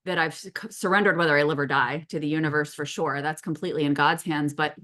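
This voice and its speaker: A middle-aged woman hosts a relaxed podcast conversation. Her voice is bright and forward. She tells stories with animation and swears casually. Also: low-pitched, fast talker. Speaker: podcast host.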